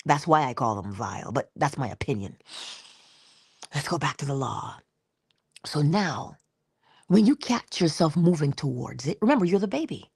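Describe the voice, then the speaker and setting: A middle-aged woman giving an inspirational spiritual talk in a conversational, expressive way, slipping into little acted-out quotes. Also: low-pitched, normal speed, pauses often, husky, dry recording, clean studio sound. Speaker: inspirational speaker.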